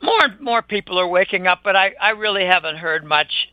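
Speaking a little fast in a high, expressive voice, an older interview guest rants with indignation and scorn in a conversational monologue. There's no room sound, and the audio is dull, lo-fi and dry.

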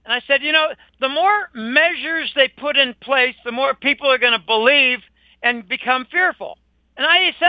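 An older man, appearing as an interview guest, delivers an emphatic, indignant and scornful conversational monologue. His voice is very high-pitched and moves at a normal speed. The recording is dull, lo-fi and dry.

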